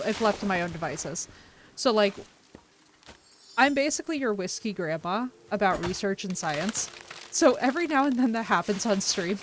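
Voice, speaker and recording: Woman streamer rambling to chat, super animated and blunt, little hiss in the background. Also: mid-range voice. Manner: animated, unfiltered and effusive. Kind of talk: casual chat to stream viewers.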